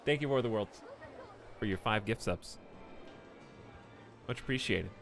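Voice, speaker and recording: A man casually chatting through a live game stream at home, animated and chuckling often. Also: fairly low pitch, moderate pace, faint music behind.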